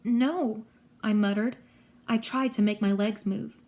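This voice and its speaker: A woman reading a story aloud in a steady, lively first-person narration. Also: medium pitch, moderate pace. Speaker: audiobook reader.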